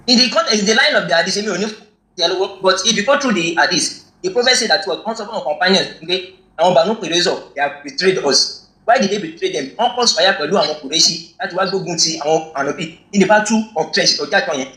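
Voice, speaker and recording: Rapid high-voiced man, echoey. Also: bright, forceful tone. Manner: rapid, insistent, switching between Yoruba and English. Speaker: debate participant. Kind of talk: heated online religious debate.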